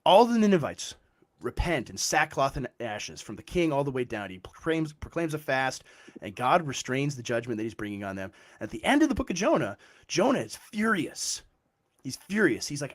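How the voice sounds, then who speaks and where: A man's voice: on the high side, big pitch swings, normal speed. A man in a casual theological discussion, explaining passages and often checking in with "right?".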